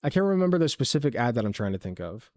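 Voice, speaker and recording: A man's voice: medium pitch, very animated, racing, darkish tone, no echo, studio quality. A man streaming a casual reaction video, rambling and sarcastic, full of fillers and restarts.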